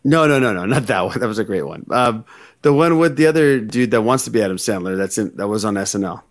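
Animated swearing man. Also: lowish voice, fast. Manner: animated, swears freely, laughs often. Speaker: podcast co-host. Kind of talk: casual banter.

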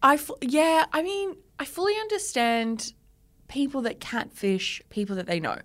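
A woman's voice: sits high, animated. An Australian woman co-hosting a podcast, chatting casually and laughing often between jokes. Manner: giggly, chatty, quick to joke. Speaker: podcast co-host. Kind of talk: casual chat.

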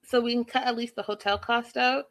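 A woman vlogger chatting casually and recapping a show in an animated, gossipy way. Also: a little high. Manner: animated, gossipy, speeding up and slowing down. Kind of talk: casual chat.

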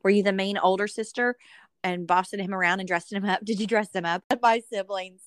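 A woman's voice: mid-range voice, steady tone, fairly quick, dry recording, studio quality. Bubbly woman host, laughing often. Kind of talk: casual chat.

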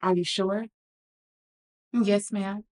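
A woman's voice: mid-range voice, steady tone, drawn-out words, darkish tone. A woman talking candidly as a podcast guest, earnest and reflective, acting out the lines of others in her story.

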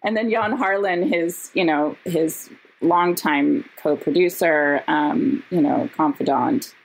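A woman, a podcast guest and actress, telling stories in casual chat, animated and laughing, with quick asides. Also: sits low, low-quality recording. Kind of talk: casual storytelling.

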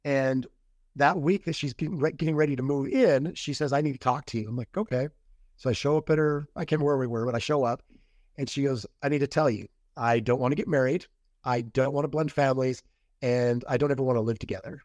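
Here a podcast guest retells a former relationship at a quick clip, wandering, starting over and repeating people's words. His mid-range voice has a darkish tone, and the recording has no echo but loses its high frequencies.

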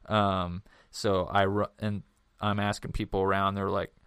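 A man's voice: deep voice, flat delivery, measured pace, fairly bright tone, clean tone, no echo, clean studio sound. A young man co-hosting a podcast, telling a story casually with many fillers and self-deprecating asides. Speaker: podcast co-host.

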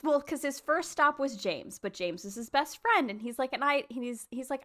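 A woman's voice: high voice, normal speed. A woman in casual chat, retelling a fan fiction plot with lots of laughter and acted-out quotes. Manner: animated, laughing, acts out quoted characters.

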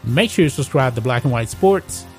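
A man's voice: mid-range voice, expressive, moderate pace, a little mellow, faint music behind. A man hosting an opinionated sports commentary show, talking emphatically and ranting.

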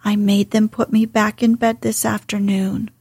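A woman voicing a sickly, spoiled young boy, sulky and self-pitying, in a breathy whisper. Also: mid-range voice, little pitch movement, moderate pace, darkish tone, dry recording. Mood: petulant.

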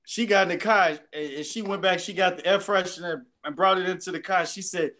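A man co-hosting a podcast, telling profane, animated stories in casual chat and acting out what people said. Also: sits high, fairly quick. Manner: animated, profane storytelling with voiced quotes. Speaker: podcast co-host.

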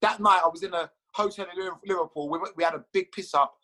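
Male guest with a raised voice, bright tone, chatty storytelling, swears, laughs at his own tales. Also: high-pitched, fast talker, rough recording. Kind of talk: casual storytelling.

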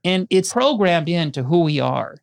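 Gravelly man telling lively stories. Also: fairly high pitch, moderate pace, no echo. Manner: animated anecdotes, acts out quoted voices. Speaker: guest, documentary filmmaker. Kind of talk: conversational storytelling.

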